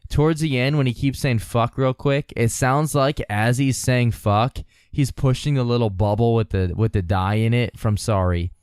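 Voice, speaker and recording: A man with a smooth, clear, mid-pitched voice retelling a story in relaxed podcast chat, peppered with swearing. His voice is close and dry. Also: normal speed, hardly any pauses, dry recording. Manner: profane, storytelling. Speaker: podcast co-host.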